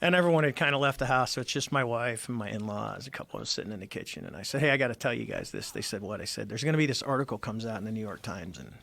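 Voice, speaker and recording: A man's voice: mid-range voice, expressive, racing, creaky, hardly any pauses, fairly bright tone. A middle-aged man, a former Navy squadron commander, telling a story as a podcast guest and acting out the dialogue as he goes. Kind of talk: casual storytelling interview.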